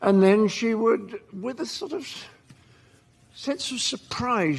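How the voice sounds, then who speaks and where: An older man telling a dry, deadpan comic story as a talk show guest. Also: sits high, takes it slowly, vocal fry, slight background noise. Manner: dry, deadpan comic delivery with mimicked voices. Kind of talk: storytelling anecdote.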